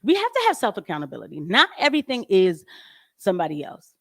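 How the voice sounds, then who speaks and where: A woman's voice: mid-range voice, wildly swooping pitch, fast, dry recording, studio quality. A woman doing casual, emphatic livestream commentary on a home microphone, talking animatedly and laughing often. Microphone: home microphone with audio trouble.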